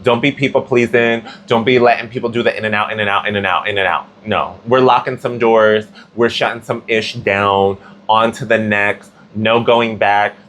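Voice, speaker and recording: A man's voice: on the low side, fairly even intonation, moderate pace, few pauses, fairly bright tone, slight background noise. A man giving a casual tarot reading, chatty and slangy, with plenty of filler words. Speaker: tarot reader.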